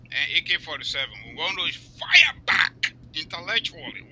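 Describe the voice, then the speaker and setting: Upbeat high-voiced man on a talk show. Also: sing-song, moderate pace, bright, forceful tone, slightly rough, low-quality recording. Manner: upbeat, wordy, uses grand adjectives. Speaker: panel guest.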